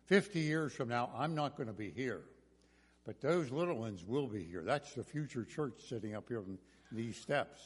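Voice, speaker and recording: An older man preaching a sermon in a church, telling homespun stories with gentle jokes. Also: medium pitch, animated, moderate pace, breathy edge. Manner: folksy storytelling with jokes. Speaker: pastor. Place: church sanctuary. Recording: reverberant church hall.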